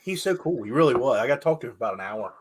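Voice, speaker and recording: A man's voice: mid-range voice, big pitch swings, rapid-fire, slight background noise. A man hosting a casual podcast chat, telling stories with animation and swearing freely. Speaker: podcast host.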